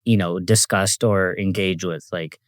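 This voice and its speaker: A young man appearing as a guest on a podcast, speaking thoughtfully and haltingly with lots of fillers. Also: deep voice, steady tone, no room sound, studio quality. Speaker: podcast guest, host's husband. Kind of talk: casual chat.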